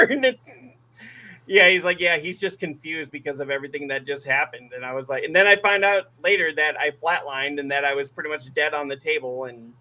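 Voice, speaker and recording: Bright, animated man telling a story. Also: fairly high pitch, brisk. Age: adult, married. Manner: animated, acts out quotes, laughs through story. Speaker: podcast co-host. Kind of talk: casual storytelling.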